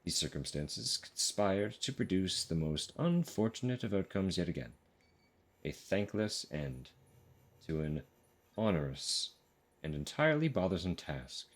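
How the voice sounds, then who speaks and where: A man reading out an ornate, pompous letter from an overly formal gentleman in a game. His voice stays very deep. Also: sing-song, unhurried, exaggerated voice.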